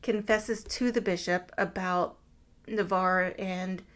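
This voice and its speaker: A woman's voice: fairly low pitch, steady tone, slow pace, a bit bright. Woman on a podcast going through a movie plot, cracking crude jokes. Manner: summarizes the plot with wry, crude asides. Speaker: podcast co-host. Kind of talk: casual movie recap chat.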